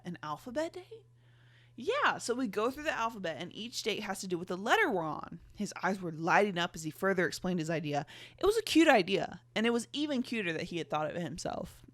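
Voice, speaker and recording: A woman's voice: medium pitch, a bit bright, no room sound. A young woman hosting a podcast, reading her old fan fiction aloud and mocking it with sarcastic, giggly asides and plenty of swearing. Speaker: podcast host. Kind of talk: casual reading and commentary.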